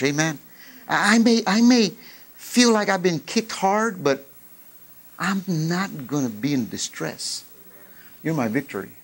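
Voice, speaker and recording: A middle-aged man preaching a sermon, lively, acting out old conversations as he tells his story. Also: high voice, slightly rough. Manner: animated, acts out dialogue in raised voice. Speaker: pastor.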